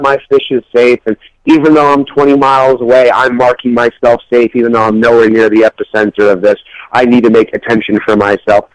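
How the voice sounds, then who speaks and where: A man from New York co-hosts a loose, uncensored radio talk show. He sounds blunt, cocky and profane, in an ordinary mid-pitched voice. The mic sits close in a dry studio. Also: no echo, rough recording. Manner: brash, profane, blunt and opinionated.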